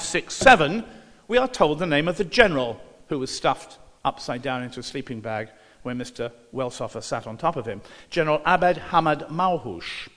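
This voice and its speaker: A man's voice: fairly high pitch, fairly bright tone, big-room sound. A man giving a lecture, reading newspaper passages aloud and breaking in with dry, sarcastic asides.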